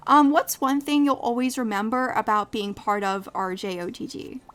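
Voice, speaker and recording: A young woman hosting a casual live podcast, effusive and quick to laugh as she asks her guests questions. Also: fairly high pitch. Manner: warm, effusive, laughs often. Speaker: podcast host.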